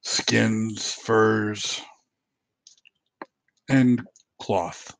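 A man playing a tabletop role-play game, switching between narrating his character and speaking as him in a halting way. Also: lowish voice, steady tone, creaky, dry recording. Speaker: player.

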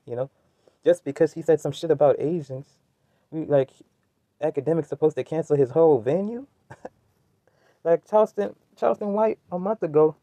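A man's voice: fairly high pitch, no room sound, dull audio. A man giving a heated, rambling commentary rant, full of slang and restarts. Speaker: commentary vlogger. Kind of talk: ranting commentary.

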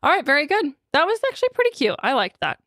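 Bubbly high-voiced woman podcast co-host. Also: no echo, clean studio sound. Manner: animated, quick, laughing often. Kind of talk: casual chat. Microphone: studio podcast mic.

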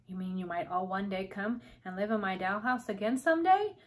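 A woman's voice: medium pitch, fairly quick, slight background noise, close to an everyday voice. A woman reading aloud and voicing a young girl who speaks earnestly and kindly. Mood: anxious. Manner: earnest, pleading questions.

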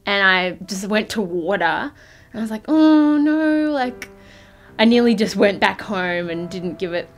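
Young woman, shy, halting documentary interviewee, mid pitch, soft music under. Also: steady tone. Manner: hesitant, shy, many fillers and restarts. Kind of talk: documentary recollection.

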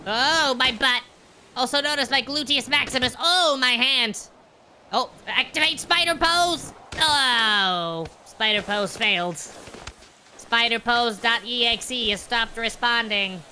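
Comic bit: a woman playing a wounded male hero, slow, bright and piercing, whining over every bruise. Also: on the high side, a little hiss or hum, full character voice. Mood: hurt, whiny. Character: hurt male superhero wailing about injuries.

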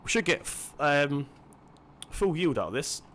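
A man's voice: fairly high pitch, big pitch swings, unhurried, a bit bright, a little hiss or hum. A man giving casual let's-play commentary, chatty and self-deprecating, thinking aloud as he plays. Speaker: gaming channel host.

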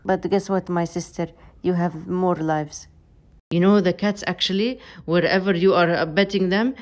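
A young woman narrating a comedic day-in-the-life vlog in playful, deliberately broken English. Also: on the low side. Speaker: comedy vlogger.

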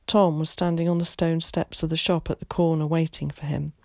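Brief: female teacher, story read-aloud, gravelly edge, dry close sound. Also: sits low, little pitch movement, a little fast, a little mellow, no echo.

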